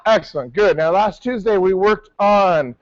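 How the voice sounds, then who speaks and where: A man's voice: high-pitched, moderate pace, no room sound, dull audio. A male martial arts instructor teaching a class, calling out counts and coaching his students. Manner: barks counts, coaching and correcting.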